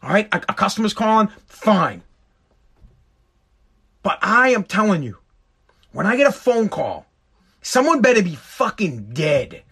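A man's voice: high voice, very animated, a little slow, gravelly, long pauses, fairly bright tone, husky. A man telling an exasperated, profane stand-up story. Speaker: stand-up comedian.

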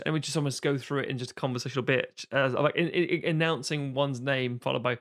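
A man co-hosting a film podcast in casual chat, animated and given to sudden exaggerated quoted voices. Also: mid-range voice, quick pace, few pauses. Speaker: podcast co-host.

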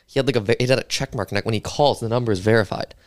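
A man's voice: mid-range voice, racing. A young man telling a story in casual chat, rambling, full of "like" and casual swearing. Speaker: podcast guest.

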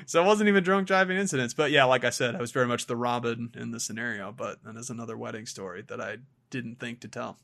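Bright-voiced man telling a rambling story. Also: medium pitch, fast talker, gravelly, hardly any pauses. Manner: rambling storytelling with many fillers. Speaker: podcast co-host. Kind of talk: casual chat.

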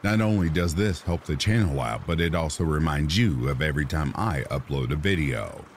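A man with an extremely deep, low voice reads true ghost stories in a slow, soothing bedtime manner. A faint hiss sits under his voice. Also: expressive. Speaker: horror story narrator. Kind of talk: calm sleep-story narration. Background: rain sounds.

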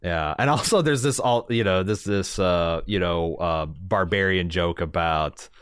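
A man with a low voice talks casually as a podcast co-host, animated and quick to act out lines in funny voices. He often stops and restarts mid-thought. The sound is close and dry, with no room echo. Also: clear, resonant tone. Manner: animated, acts out quotes, trails off and restarts. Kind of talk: casual chat.

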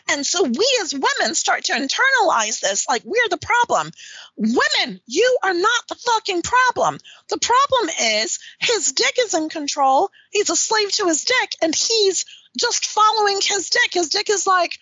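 A woman's voice: extremely high pitch, big pitch swings, moderate pace, bright, forceful tone, no room sound, rough recording. A woman being interviewed about her work as a dominatrix. She talks bluntly and emphatically and swears freely. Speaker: dominatrix guest. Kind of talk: candid interview talk.

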